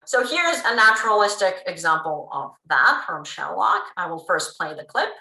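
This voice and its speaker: A woman giving a pre-recorded linguistics lecture, explaining in a lively way with frequent ums. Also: fairly low pitch, normal speed. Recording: roomy room sound.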